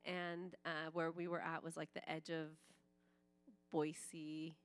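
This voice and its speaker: A woman's voice: deep voice, flat delivery, slow pace, clear, resonant tone. A woman in her forties, raised in Iran and a native Farsi speaker, tells her testimony at church in a chatty storytelling way. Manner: conversational storytelling, frequent "like", acts out quoted speech.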